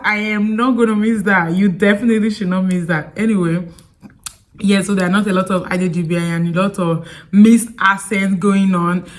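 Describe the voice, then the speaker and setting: A woman with a thick Nigerian accent talks straight to the camera in a sit-down storytime vlog. She is chatty and animated and keeps wandering off into side stories. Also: lowish voice. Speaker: vlogger.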